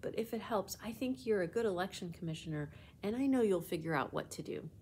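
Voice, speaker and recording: A woman's voice: mid-range voice, lively intonation, quick pace, a little mellow, slight background noise, natural voice. A woman voicing an earnest, sheepish young schoolboy in a storybook read-aloud, speaking in a raised, apologetic tone.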